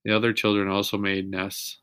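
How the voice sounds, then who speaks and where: A fairly low-pitched man with a clear, resonant tone reads a children's chapter book aloud at an even, patient pace that runs a little fast. Like a reader sharing a story with young listeners, he stops now and then to ask them questions, in a plain, close recording with no echo.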